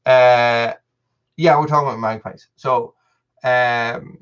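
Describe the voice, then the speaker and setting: A man's voice: medium pitch, fairly even intonation, takes it slowly, a bit bright, smooth, lo-fi sound. A man hosting a casual live stream, chatting with viewers in a rambling way, full of restarts and repeated words.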